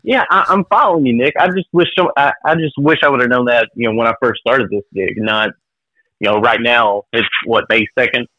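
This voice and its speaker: A man's voice: mid-range voice, a little fast, no echo, lo-fi sound. A salesman in casual chat who stumbles and repeats his words as he talks to his trainer.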